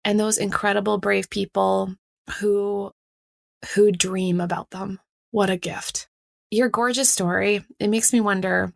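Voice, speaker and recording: A woman podcast host asking questions gently and laughing often. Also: medium pitch, vocal fry, no echo, studio quality. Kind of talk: warm conversational interview.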